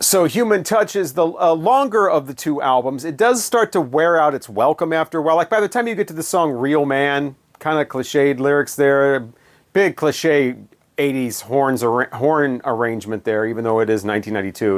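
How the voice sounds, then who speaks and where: A man reviewing albums in a casual, rambling way with many fillers and wry asides. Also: medium pitch. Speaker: music reviewer.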